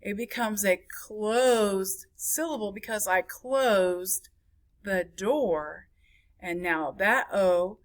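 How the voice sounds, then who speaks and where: A woman teaching a phonics lesson to a class, sounding out words syllable by syllable. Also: mid-range voice. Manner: slow, clapping out words syllable by syllable.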